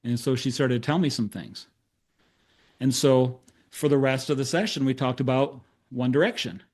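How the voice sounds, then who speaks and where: A man's voice: mid-range voice, moderate pace. A middle-aged man, a therapist, telling a case story in a talk, acting out the dialogue with self-deprecating humor. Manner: animated storyteller who acts out quoted dialogue. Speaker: therapist presenting case studies.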